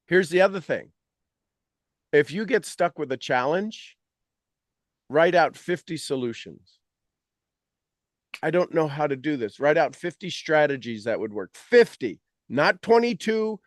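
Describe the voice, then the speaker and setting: A man talking as a mentor, coaching his audience in an animated, teasing way and acting out their complaints in quoted voices. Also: on the high side, measured pace, long pauses, no echo, clean studio sound. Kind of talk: motivational coaching talk.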